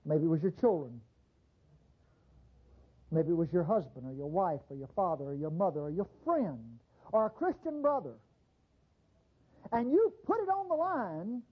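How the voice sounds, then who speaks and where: A man preaches a sermon, conversational and animated, his pitch swooping widely as he acts out quick little voices. His tone is husky and a bit breathy. The recording sounds dull and lo-fi. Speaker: pastor.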